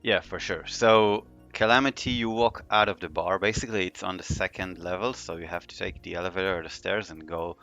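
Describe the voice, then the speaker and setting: A man running a tabletop game as game master, narrating in a relaxed way with many fillers. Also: sits low, brisk, hardly any pauses, highs cut off, soft background music.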